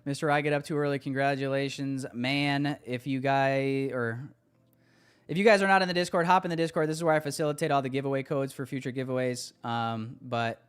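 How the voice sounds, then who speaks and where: A man's voice: medium pitch, steady tone, brisk, clean tone. A man hosting a live trading stream, chatting casually with viewers, loose and hyped, swearing now and then.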